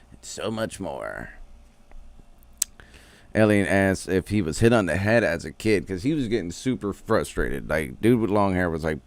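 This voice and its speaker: A man streamer rambles through a casual recap, packing it with slang and swearing. His voice is on the low side. The sound is dry and close, straight into a desk mic. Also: no echo. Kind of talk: casual comic show recap.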